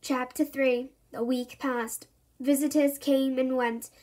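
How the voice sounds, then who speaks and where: A woman reads a children's chapter book aloud in a high voice. Her narration is expressive and playful, and it leans into the dramatic beats. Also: slow pace. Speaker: reader.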